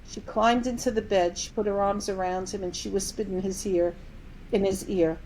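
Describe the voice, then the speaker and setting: Animated woman telling a story. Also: mid-range voice, moderate pace, slight background noise, poor audio. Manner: animated storyteller, acts out quoted dialogue. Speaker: medium and company CEO, podcast guest. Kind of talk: casual interview storytelling.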